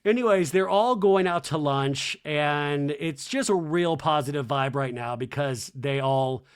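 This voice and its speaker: Casting note: chatty male podcast host, slightly high voice, rambling recap with wry asides. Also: unhurried, smooth. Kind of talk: casual recap commentary.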